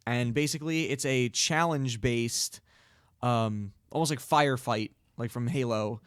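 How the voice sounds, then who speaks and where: A man's voice: mid-range voice, unhurried, clean tone, no room sound, clean studio sound. Rambling casual male co-host. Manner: rambling, laughs often, many fillers. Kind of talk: casual podcast chat about games.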